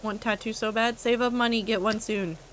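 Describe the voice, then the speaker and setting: A woman's voice: fairly high pitch, fairly even intonation, moderate pace, a bit bright, slight background noise. A young woman streaming a game from home, chatting casually with her chat in a rambling way, laughing at herself. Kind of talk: casual chat reading live chat while gaming.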